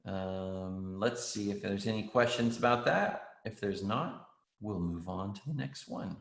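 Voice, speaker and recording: A man's voice: lowish voice, a little slow, creaky. A man teaching an online writing class for children, encouraging and reading out student answers with frequent ums. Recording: roomy echo.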